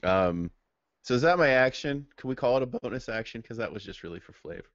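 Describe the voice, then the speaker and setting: A man's voice: medium pitch, expressive, fast, dry recording. A man playing a tabletop game, hesitant and full of ums and restarts. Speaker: player. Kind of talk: tabletop game play over voice chat. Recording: dull dry lo-fi mic.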